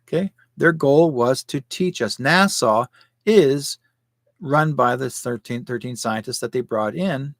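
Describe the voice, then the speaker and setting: Man, 60s, show host; rambling, conspiratorial delivery with rhetorical questions; mid pitch, dry. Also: measured pace, no room sound. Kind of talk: live commentary show.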